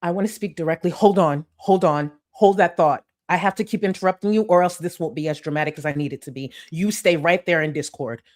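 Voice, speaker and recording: A woman's voice: on the low side, a little fast, hardly any pauses, a little mellow, no room sound, clean studio sound. A woman streaming live, reacting to clips with casual commentary, joking asides, mock-dramatic rants and plenty of swearing.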